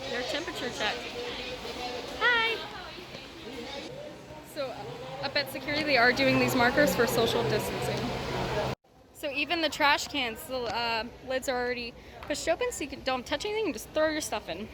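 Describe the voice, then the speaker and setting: Giddy high-voiced woman vlogger. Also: lively intonation, moderate pace, long pauses, noisy background. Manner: gushing, giddy narration. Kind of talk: excited theme park vlog. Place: outdoors at a theme park.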